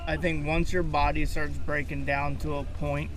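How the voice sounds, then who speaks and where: A man answering interview questions outdoors in a relaxed, thinking-aloud way. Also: fairly high pitch, moderate pace. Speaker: guest archer. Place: outdoors beside a competition field. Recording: outdoor noise in the background.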